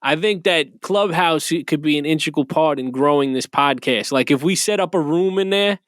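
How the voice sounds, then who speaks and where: A man co-hosting a podcast, telling crude stories in profane, animated banter. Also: fairly high pitch, normal speed, no echo, clean studio sound. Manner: profane, animated storyteller who acts out quotes. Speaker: podcast co-host.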